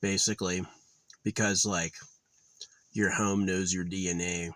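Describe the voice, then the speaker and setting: A man's voice: deep voice, little pitch movement, a little slow, dry recording. A man talking straight to the camera in a casual, rambling vlog, profane and easily heated. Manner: profane, rambling, gets loud and heated when ranting. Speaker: vlogger.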